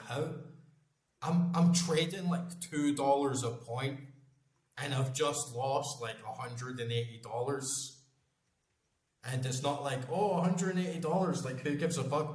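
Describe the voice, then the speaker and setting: A man in his forties, a gaming channel host, chatting casually in a rambling, emphatic way and swearing constantly. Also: mid-range voice. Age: 40s. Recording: echoey room.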